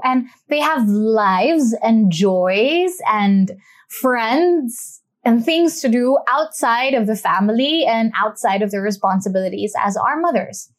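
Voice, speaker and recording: A young adult woman hosting a talk show, speaking in an earnest, chatty way and slowing down to stress her points. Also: medium pitch. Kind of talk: casual reflective talk.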